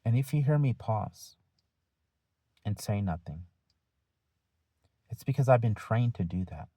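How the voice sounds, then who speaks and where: A male teacher giving a deliberate, firm talk to his students, using rhetorical questions and pauses. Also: fairly low pitch, expressive, warm tone, dry recording. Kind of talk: lecture-style talk to students.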